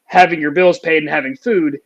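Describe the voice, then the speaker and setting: A man's voice: on the high side, fairly even intonation, brisk, highs cut off. A young adult man, a music teacher, talking earnestly and reflectively in a casual podcast chat, with plenty of fillers.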